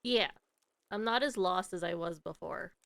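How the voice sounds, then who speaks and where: A young woman streamer chatting casually while she plays, animated and often laughing between lines. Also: on the low side, moderate pace, gravelly, clear, resonant tone, no echo, rough recording. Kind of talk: casual chat while gaming.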